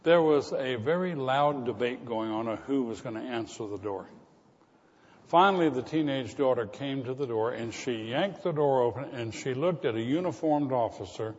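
Male pastor, mid-pitched sermon voice, long church reverb, muffled recording. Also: normal speed. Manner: storytelling preacher, rising to emphatic repetition. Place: church sanctuary.

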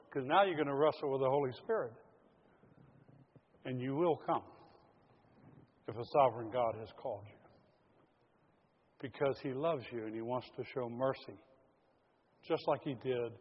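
Pastor preaching in an echoing hall. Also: male voice, mid-range voice, slightly rough. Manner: earnest, addresses congregation as folks. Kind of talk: sermon. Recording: lo-fi audio in a large reverberant hall.

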